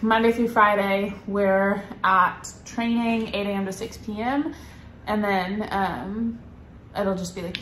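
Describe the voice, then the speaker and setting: A woman's voice: medium pitch, fairly bright tone. Casual podcast co-host, female, rambly and chatty, roomy room sound. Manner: chatty, rambling with many ums. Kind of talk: casual chat. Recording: echoey room with faint noise.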